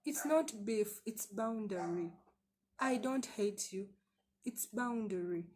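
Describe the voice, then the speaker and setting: A woman's voice: medium pitch, takes it slowly, crowd noise. A woman vlogger telling her personal story to camera in a candid, emphatic way, often repeating words and asking rhetorical questions.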